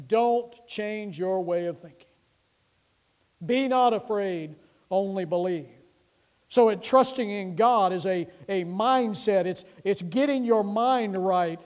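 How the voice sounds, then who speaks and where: A middle-aged pastor preaches in a high-pitched voice, pressing his points with repeated phrases and frequent restarts. When he quotes scripture, he lifts his voice and slows into a declaiming cadence. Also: a little mellow. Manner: recites scripture passages in a raised voice. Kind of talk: sermon.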